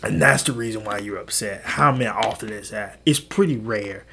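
A young adult man hosting a podcast, talking in a casual, rambling monologue. He swears freely, and his voice jumps high in disbelief. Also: moderate pace, vocal fry, bright, forceful tone, a little hiss or hum. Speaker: podcast host.

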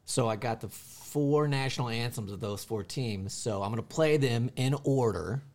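A man's voice: mid-range voice, moderate pace, a little mellow. A man co-hosting a podcast, chatting casually and leading a trivia game with friends. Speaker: podcast co-host. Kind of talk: casual chat.

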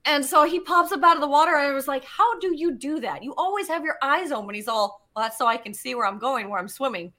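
A woman guest telling personal stories in a chatty, animated way, full of fillers and casual swearing. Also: high voice, quick pace, few pauses. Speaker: podcast guest, geologist. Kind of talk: casual storytelling.

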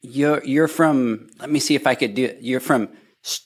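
A man's voice: mid-range voice, moderate pace, slightly rough. A man hosting a podcast, chatting casually and laughing at his own attempts at slang. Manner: laughing, self-deprecating. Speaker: podcast host. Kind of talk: casual chat.

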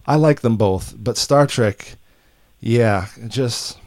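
A man's voice: mid-range voice, slow, a little mellow, no room sound, studio quality. A man hosting a podcast, talking casually and enthusiastically with a friend, often restarting his sentences. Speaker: podcast host. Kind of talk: casual chat.

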